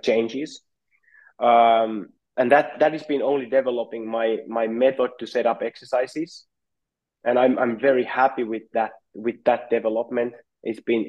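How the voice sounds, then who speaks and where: A goalkeeping coach from Finland, a native Finnish speaker, responds to podcast interview questions in a considered way, often repeating words as he looks for the right phrasing. He has a mid-range, darkish voice, recorded with lo-fi sound.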